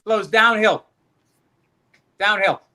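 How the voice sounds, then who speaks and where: A man with a high, bright, sharp voice rants and jokes his way through a casual podcast chat. He swears freely and gets heated quickly. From United States. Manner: joking, heated ranting, swearing. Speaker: podcast co-host.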